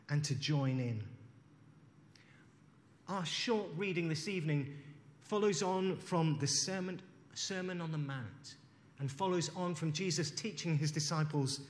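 A man delivers a sermon in a measured, unhurried way, reading scripture aloud and reflecting on it. His voice sits on the higher side, and a long reverb trails his words around a large hall. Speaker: preacher.

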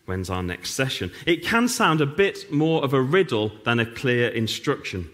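Middle-aged pastor, animated sermon delivery, wry sarcastic asides. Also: male voice, mid-range voice, moderate pace, hardly any pauses. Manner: wry, self-mocking humor with sarcastic asides.

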